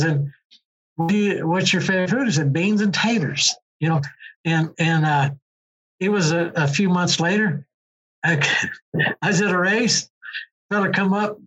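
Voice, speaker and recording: Rambling older man, husky voice. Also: a little high, fairly bright tone. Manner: rambling storyteller, many restarts and fillers. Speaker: interview guest, former motorcycle racer. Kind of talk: casual conversation. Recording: dull lo-fi recording.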